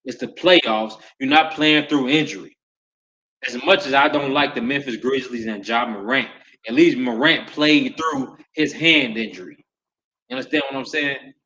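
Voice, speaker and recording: A man hosting a nightly sports talk podcast, ranting loudly with repeated lines and sudden shouts. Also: medium pitch, normal speed, highs cut off. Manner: loud, repetitive hype with sudden shouts.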